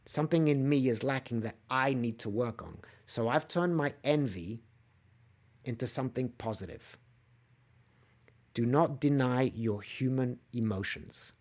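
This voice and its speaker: A man hosting a solo coaching podcast, talking straight to listeners and acting out angry quoted outbursts with lively emphasis. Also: medium pitch, unhurried. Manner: animated, acts out quoted outbursts, asks listeners to comment. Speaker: podcast host and empath coach. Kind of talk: solo motivational podcast talk.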